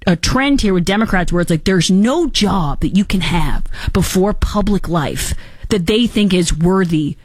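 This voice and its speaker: A woman's voice: on the low side, unhurried, husky, no room sound, studio quality. Sarcastic woman commenting on politics. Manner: sarcastic, mocking, animated.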